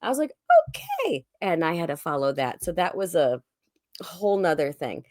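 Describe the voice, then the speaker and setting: A woman's voice: low-pitched, normal speed, no room sound, clean studio sound. A woman cohosting a comedy podcast, chatting casually and acting out quoted dialogue as she tells stories. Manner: animated, acts out quoted dialogue. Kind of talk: casual chat, storytelling. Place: Oklahoma.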